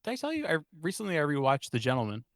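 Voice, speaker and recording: A man co-hosting a podcast, chatting casually, rambling and joking and quick to laugh. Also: fairly high pitch, wildly swooping pitch, fairly bright tone, no echo, clean studio sound. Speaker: podcast co-host. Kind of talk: casual chat.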